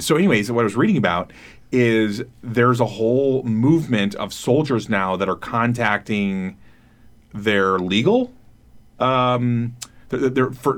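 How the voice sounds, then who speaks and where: A man in his thirties co-hosting a casual podcast, rambling and laughing as he acts out quoted voices. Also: mid-range voice. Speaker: podcast co-host.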